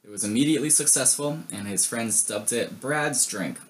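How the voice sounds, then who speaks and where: A man's voice: mid-range voice, normal speed. A young man co-hosting a podcast, reading history facts in casual chat with joking, rambling asides. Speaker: podcast co-host.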